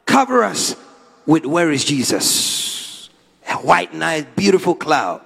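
A man preaching a sermon as a prophet, dramatic, swinging from quiet asides to shouted lines. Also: a little high, expressive, slow, vocal fry, breathy edge. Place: large church hall. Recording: long hall reverb.

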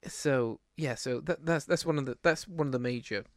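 A man with a gravelly, creaky voice talks casually about films on a podcast. He rambles and restarts often. The sound is dry and close, with no room around it. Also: mid-range voice, normal speed, no room sound. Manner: rambling, lots of restarts and fillers. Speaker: podcast co-host. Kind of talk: casual film chat.

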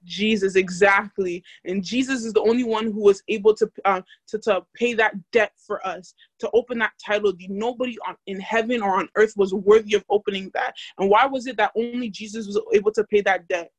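A woman's voice: medium pitch, steady tone, brisk, few pauses, dry recording. A young woman casually teaching a Bible study, chatty and full of fillers, asking the group questions.

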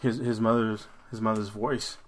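Low-voiced man telling a creepy tale. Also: level tone, normal speed, a little hiss or hum. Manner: rambling, profane retelling with frequent restarts. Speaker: podcast co-host. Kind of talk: casual storytelling chat.

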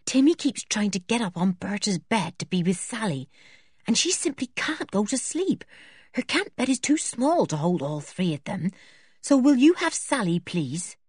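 A woman voicing a kindly older woman who cooks for the household, in a lower, plain, homely voice. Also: sing-song, normal speed, a little mellow, breathy edge, dry recording, clean studio sound.

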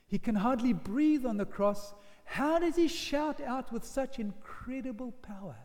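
A male preacher tells his sermon like a story, his voice sitting high and leaping around in pitch. He sinks to hushed lines and then bursts into loud shouted quotes. The sound carries the long reverb of a church hall. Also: expressive, unhurried.

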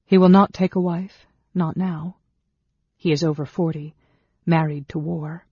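Brief: narrator doing an earnest woman, lifted pitch, pressing tone, dull dry audiobook sound. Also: fairly even intonation, measured pace, slightly rough, no room sound, exaggerated voice. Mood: urgent. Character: tense, earnest woman in a knights' fortress.

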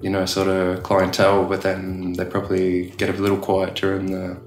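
This middle-aged Australian tattoo artist rambles through a casual interview, full of "you know" fillers and restarts. His deep voice stays monotone at a normal speed, recorded in an echoey room with soft music in the background.

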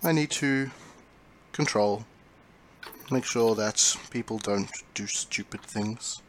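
Man doing a soft-spoken sneering villain. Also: on the low side, a little hiss or hum. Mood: menacing. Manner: soft, drawn-out, sneering and half-whispered. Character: cold, smug male villain commanding cyborg swarm.

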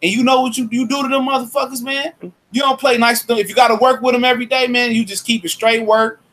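High bright-voiced dude, blunt casual talk, says man a lot. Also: little pitch movement, fast. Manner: blunt, emphatic, tacks "man" onto lines. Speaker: former fire marshal. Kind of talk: casual profane chat.

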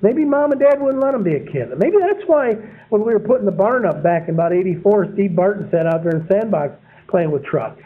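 A man's voice: sits high, very animated, normal speed, crowd noise, background noise. A man giving a folksy, rambling sermon full of homespun stories, chuckling at his own anecdotes. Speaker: preacher. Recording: phone-like narrow sound.

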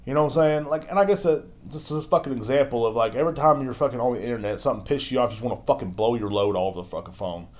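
A man's voice: medium pitch, racing, hardly any pauses, darkish tone. Profane ranting man with a podcast. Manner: crude, swearing constantly, exasperated. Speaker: podcast host. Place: at home, drinking beer.

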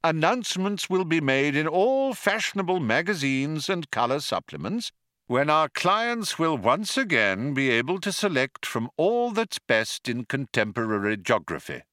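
A man reading an audiobook and voicing an old recorded announcer from an ancient world, hollow and reedy, polite with quiet menace. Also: a little high, very animated, moderate pace, no echo, studio quality, voice pushed up. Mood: courteous.

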